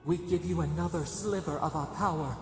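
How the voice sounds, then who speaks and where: A man's voice: on the high side, a little fast, vocal fry. A man voicing an ancient imprisoned godlike being who speaks as "we", grave and sorrowful, in a game cutscene. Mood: pleading. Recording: game audio, reverberant, music behind.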